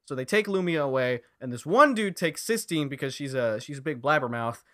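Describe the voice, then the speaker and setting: A young man co-hosting a casual anime podcast, recapping the plot in a relaxed way with lots of fillers. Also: medium pitch, a little fast. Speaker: podcast co-host. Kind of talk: casual anime review chat.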